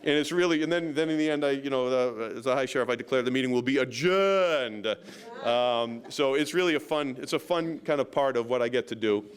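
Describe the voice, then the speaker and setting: A man talks at a local meeting as a county sheriff. His voice is smooth and resonant, at an ordinary pitch for a man. He tells his story in a loose, rambling way, with many fillers and a self-deprecating humor. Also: fairly quick.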